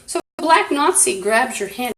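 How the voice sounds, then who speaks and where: A woman talking on a phone live stream, rambling and jumping between topics, swinging from loud outbursts to muttering. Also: on the high side, animated, normal speed, reverberant, far from the mic, rough recording. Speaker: livestreamer.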